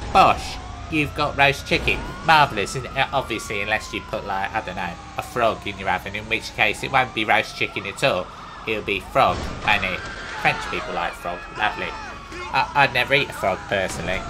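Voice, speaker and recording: This man's voice is on the low side, with background noise and music behind it. He's a Cockney-accented gaming comedy host, boasting and rambling absurdly through a comic monologue as he plays, wandering off on chatty tangents.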